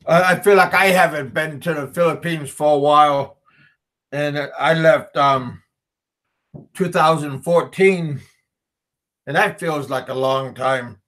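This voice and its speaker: A man hosting a casual livestream, reading viewer comments aloud and answering them in a halting way, with frequent repeats and restarts. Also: fairly high pitch, fairly bright tone. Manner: slow, chuckling, talks back to chat. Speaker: livestream host.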